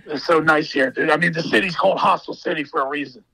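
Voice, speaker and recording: A man's voice: fairly high pitch, fast, bright, forceful tone, slightly rough, poor audio. A man talking as a podcast guest, ranting emphatically in casual, profane chat.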